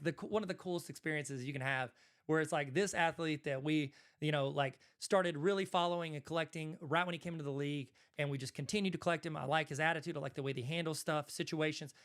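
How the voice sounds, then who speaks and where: A man from Arkansas with a Southern accent, hosting a casual commentary video and talking in a rambling, conversational way with frequent self-corrections. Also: fairly high pitch. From Arkansas, USA. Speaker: host, card collector.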